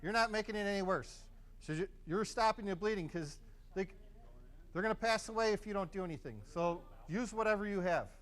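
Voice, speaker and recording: A man's voice: high-pitched, brisk. A man teaching a hands-on first aid class in a casual, encouraging, conversational way in a training room.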